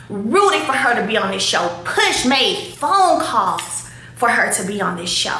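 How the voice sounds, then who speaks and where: Animated woman ranting in an echoey room. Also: a little high, unhurried, a little hiss or hum. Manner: animated, emphatic, repeats herself. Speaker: show host addressing critics. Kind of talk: casual direct-to-camera rant.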